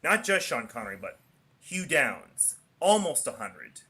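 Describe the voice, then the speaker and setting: Bright-voiced man rambling on a podcast. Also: medium pitch, very animated, a little slow, breathy edge. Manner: plain, rambling statements with hesitant fillers. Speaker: podcast regular. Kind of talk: casual chat.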